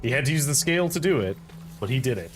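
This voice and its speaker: A man's voice: medium pitch, lively intonation, fast, music in the background. A man casually commenting as he plays a video game, thinking aloud through his choices with wry asides. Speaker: let's-play host.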